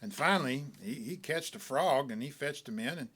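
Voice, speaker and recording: A man reading a short story aloud as a folksy, animated tall-tale teller. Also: mid-range voice, moderate pace, husky.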